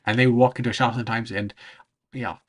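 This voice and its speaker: A man chatting casually on a livestream, answering chat, rambling and often pausing to search for words, with frequent laughs. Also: medium pitch, steady tone. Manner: laughs between phrases. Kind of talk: casual livestream chat over travel footage.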